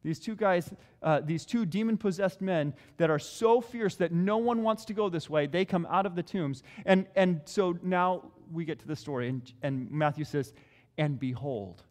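Sex: man. Role: pastor. Style: conversational sermon, repeats key phrases. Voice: high. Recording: long hall reverb. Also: moderate pace, few pauses, a little mellow.

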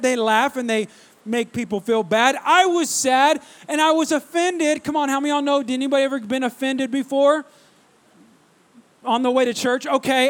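A young adult male pastor preaching to his church, telling a self-deprecating story and speaking directly to the congregation. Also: very high-pitched. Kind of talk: sermon.

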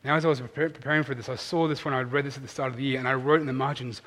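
A man's voice: medium pitch, racing, few pauses. Earnest man preaching in a reverberant hall. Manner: earnest and animated, swinging between loud emphasis and quiet asides. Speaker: pastor. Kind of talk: sermon.

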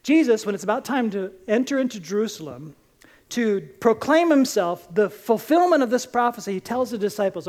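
A woman preaching a sermon, telling Bible stories in an animated, conversational way and acting out the quotes. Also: on the high side, a little fast.

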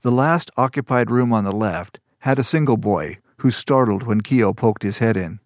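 A man reading a fantasy story aloud as narrator, in an even, measured manner. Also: no room sound, clean studio sound. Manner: even, measured storytelling, lifts pitch for dialogue. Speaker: audiobook narrator.

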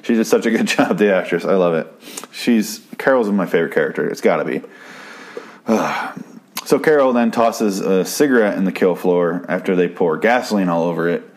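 A man's voice: low-pitched, moderate pace. A man hosting a podcast, recapping a TV episode in a casual, profane, rambling way, often stopping and restarting his sentences. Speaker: podcast host.

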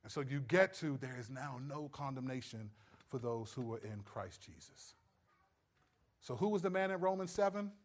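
A man preaching a sermon, stressing points loudly and then dropping to low, quiet asides. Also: expressive, moderate pace. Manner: emphatic, swings between loud stresses and low quiet asides. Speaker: pastor.

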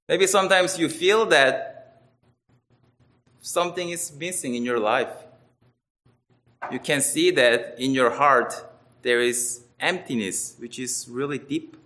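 Slow, bright-voiced man preaching. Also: fairly high pitch. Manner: earnest, emphatic, with wide swings between loud and quiet. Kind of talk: sermon.

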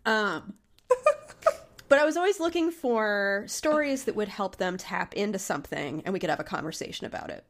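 A woman's voice: medium pitch, animated, moderate pace. A woman co-hosting a podcast, talking in a candid, casual way with a nasal, congested voice and frequent laughs. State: congested, intermittent coughing. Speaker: podcast co-host, therapist. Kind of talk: casual chat.

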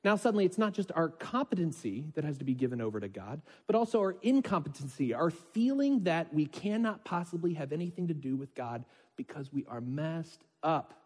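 A man's voice: on the high side, a little mellow, slightly rough. A man preaching as a pastor, talking conversationally, checking in with listeners, and reading scripture aloud with mounting intensity. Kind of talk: sermon. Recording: long reverb of a large hall.

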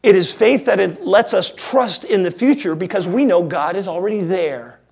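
A male pastor preaching a sermon in a wry, conversational way with emphatic pauses. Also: high-pitched, gravelly, darkish tone.

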